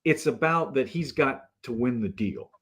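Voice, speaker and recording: Animated male storyteller. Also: medium pitch, normal speed, slightly rough. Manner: animated storyteller who acts out the people in his stories. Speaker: guest. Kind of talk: casual anecdote telling.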